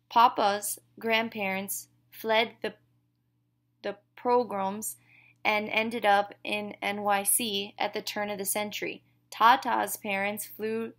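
This audiobook narrator, a woman with a medium-pitched, fairly bright voice, reads scripted first-person fiction. She distinguishes each character only through small shifts, never full-blown voices.

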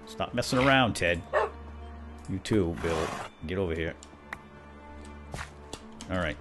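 A role-play gamer with a low-pitched, fairly bright voice narrates in character. He plays a bumbling knight, full of himself, who chatters at his animal companions in a comic, playful way, with faint music in the background.

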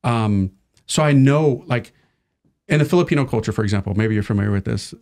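A man's voice: lowish voice, a little fast, a little mellow. A man who is a Catholic priest, telling stories in a casual, self-deprecating way. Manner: chatty, self-deprecating storytelling. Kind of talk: casual conversation.

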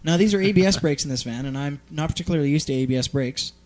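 A man's voice: fairly high pitch, very fast, a little mellow. Rambling, profane male storyteller. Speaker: host. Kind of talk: casual chat, storytelling.

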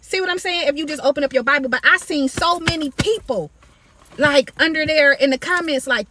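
A woman talks casually to her viewers about scripture, calling them baby and y'all in an animated, preachy way. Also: high-pitched, a little fast, slight background noise. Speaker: faith video creator. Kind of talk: casual Bible-study talk to camera. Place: outdoors in sunlight.

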